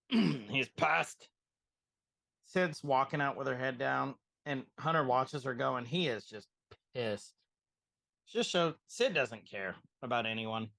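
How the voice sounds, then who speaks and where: A man co-hosting a podcast, chatting casually as he retells the scenes of an episode in an animated way. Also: medium pitch, measured pace, gravelly, no echo, clean studio sound. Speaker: podcast co-host.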